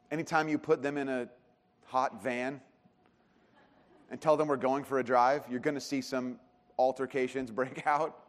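A man preaching a sermon as pastor, talking conversationally and animatedly, often dropping to quiet emphasis. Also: medium pitch, steady tone, measured pace, pauses often, in a large hall.

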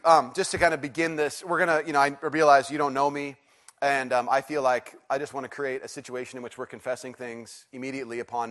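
A pastor with a high-pitched voice preaches to his congregation in a chatty, self-deprecating way. He jokes, asks for a show of hands and counts them into call-and-response. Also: fairly bright tone. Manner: joking, conversational, gets congregation to respond. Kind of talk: sermon. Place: church sanctuary with congregation.

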